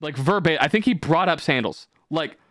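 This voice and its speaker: A man's voice: fairly high pitch, a little fast, no room sound, studio quality. A young man hosting a casual podcast, rambling and swearing as he tells stories. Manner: animated, swearing, rambling storytelling. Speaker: podcast host.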